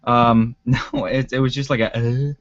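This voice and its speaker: A man's voice: mid-range voice, level tone, unhurried, no room sound, muffled recording. A man co-hosting a podcast in casual chat, rambling with lots of fillers and laughs. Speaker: podcast co-host.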